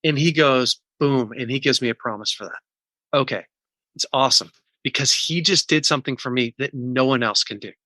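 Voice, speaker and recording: In a dry recording with no room sound, a man of medium pitch speaks at a moderate pace with a sharp edge. He is a recovery coach guesting on a podcast, earnestly teaching a process one numbered step at a time and speaking frankly and with feeling about personal pain.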